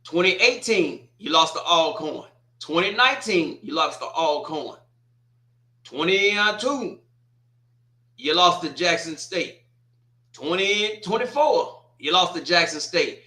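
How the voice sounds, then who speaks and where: Man, sports talk host, teasing, repetitive, bright voice, echoey room. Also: a little high, expressive, slow pace. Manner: teasing, trash-talking, repeats himself. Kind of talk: casual sports commentary. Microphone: streaming setup.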